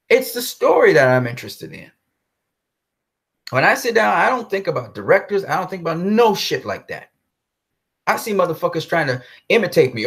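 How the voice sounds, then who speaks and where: A man's voice: a little high, sing-song, brisk, vocal fry, a bit bright, breathy edge. A man delivering a blunt, profane movie-commentary rant, repeating himself for emphasis. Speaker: commentary host. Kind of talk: ranting film commentary vlog.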